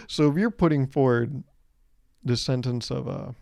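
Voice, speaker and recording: A young man in his twenties rants through a solo podcast, sarcastic and rambling, swearing often and jumping into little acted-out scenes. His voice is gravelly and mellow. It is recorded close up on a dry mic. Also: mid-range voice, normal speed, long pauses, dry recording. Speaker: podcast host. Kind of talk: solo comedic podcast rant.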